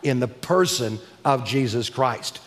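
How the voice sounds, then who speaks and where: A man preaching a sermon emphatically, building to crescendos and slowing down to stress key words. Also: medium pitch, lively intonation. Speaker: preacher and teacher. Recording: long hall reverb.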